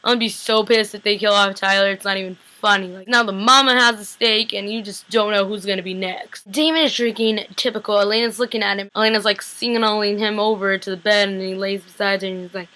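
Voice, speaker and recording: A young woman casually recapping a TV episode, bubbly and chatty, acting out the characters' lines in quick asides. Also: medium pitch, steady tone, bright, forceful tone.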